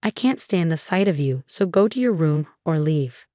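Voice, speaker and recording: A woman's voice: low-pitched, animated, moderate pace, mellow, dry recording, clean studio sound. A woman voicing a domineering middle-aged mother-in-law who talks in a cold, scornful, bossy way in a storybook reading.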